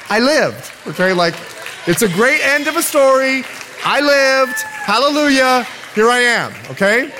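A man's voice: high-pitched, a little hiss or hum. A male pastor preaching a sermon at a church service, telling stories with humor. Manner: animated storytelling with humor.

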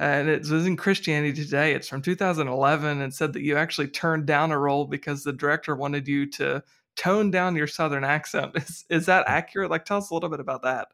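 A man's voice: on the high side, fairly bright tone. A man hosting an interview, asking friendly questions with small chuckles. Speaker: interview host. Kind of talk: casual interview.

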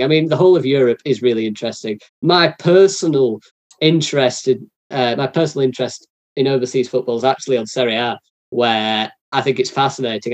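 A man hosting a casual football podcast, often repeating words as he thinks aloud. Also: medium pitch. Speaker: podcast host.

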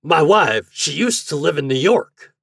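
A man's voice: a little high, expressive, unhurried, creaky, a bit bright, breathy edge, no room sound, clean studio sound, voice pushed up, full character voice. A man reading aloud voices a talkative rustic boarding-house keeper in a storybook tale, rambling in folksy speech.

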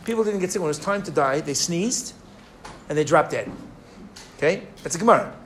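A man's voice: a little high, lively intonation, brisk, fairly bright tone, slight background noise. A man giving a sermon to a live audience, telling a story and asking his listeners questions, with many restarts.

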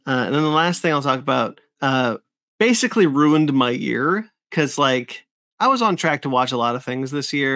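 A man with a mid-range, slightly bright voice co-hosts a podcast, rambling through a casual, enthusiastic chat full of fillers and restarts. The recording is dry and studio quality.

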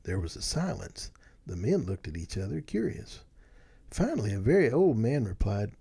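A man narrating a storybook in an expressive, animated reading. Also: lowish voice, moderate pace, vocal fry, slightly rough.

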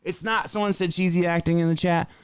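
A man with a high-pitched voice rants through casual podcast banter, loud, emphatic and full of profanity. The sound is dry and close, with no room around it. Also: steady tone, fast talker, smooth, no room sound. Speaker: podcast co-host.

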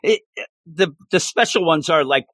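A man hosts a relaxed chat about a book, animated and acting out characters' lines as he goes. His voice is bright and forward. The sound is dry and close to the mic. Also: fairly high pitch, moderate pace, no echo. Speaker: podcast host discussing a book. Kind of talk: casual chat.

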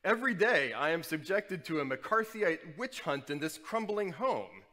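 A man's voice: fairly high pitch, very animated, normal speed, pushed and bright, in a large hall, full character voice. A man voicing a huge, pompous, overeducated man who bellows his indignation in grand words. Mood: indignant.

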